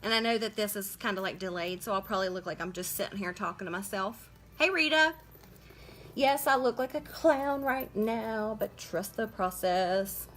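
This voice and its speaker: A woman's voice: medium pitch, normal speed, fairly bright tone, soft background music. A woman hosting a casual live makeup tutorial, chatting as she works and greeting viewers by name. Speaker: makeup livestream host.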